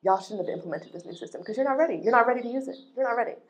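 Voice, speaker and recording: A woman's voice: fairly high pitch, expressive, rapid-fire. A woman running a travel business, ranting in a vlog with an indignant, emphatic manner and lots of repetition.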